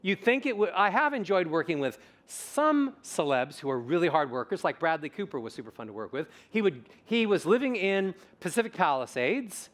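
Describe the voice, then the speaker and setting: A man in a vocal-coach role addresses a live conference audience and answers their questions. His voice sits a touch high for a man, and his delivery is animated and emphatic. He leans on repeated words to drive a point home. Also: normal speed, few pauses. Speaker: vocal coach and summit speaker.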